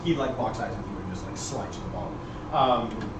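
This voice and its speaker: A man running a tabletop game as game master, lively and laughing, slipping briefly into character voices. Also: fairly low pitch, normal speed. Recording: roomy echo, distant mic, background noise.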